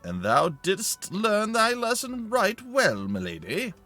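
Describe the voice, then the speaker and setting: A man's voice: high voice, wildly swooping pitch, slow pace, bright, forceful tone, faint music behind, pitched above the performer's own voice, heavily acted. A man voicing a formal knight who speaks in old-fashioned, archaic language. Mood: earnest.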